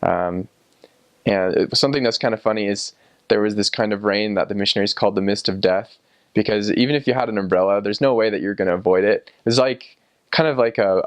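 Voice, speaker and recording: Young guy rambling about his mission days, lots of ums, lowish voice, dry close mic. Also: no echo. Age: young adult. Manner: relaxed and rambling, many ums and restarts, chuckles often. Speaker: returned missionary. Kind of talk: casual personal recollection.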